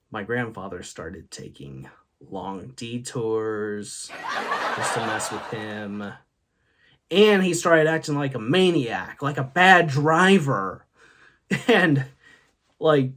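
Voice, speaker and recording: A man hosting a comedy show, telling stories about his grandfather and laughing at his own jokes. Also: mid-range voice. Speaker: host. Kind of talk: comedic storytelling monologue.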